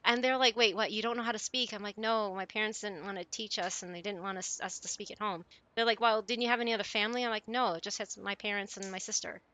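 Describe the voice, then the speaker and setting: Bright chatty woman streamer. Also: medium pitch, fairly even intonation, fast talker. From United States. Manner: chatty, laughs often, stumbles over names. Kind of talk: casual chat reading viewer messages aloud. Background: faint music.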